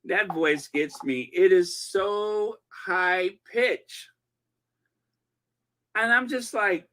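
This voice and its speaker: Man, live-stream host, reads viewer comments, gossipy and animated, slow unhurried delivery. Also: high-pitched. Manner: animated and gossipy, breaking into laughter. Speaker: channel host.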